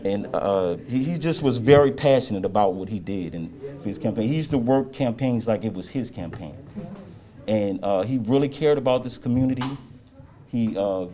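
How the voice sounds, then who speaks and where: At an outdoor street ceremony, a man honoring his father delivers an emotional tribute that halts often, full of fillers and false starts. His voice is fairly low and mellow.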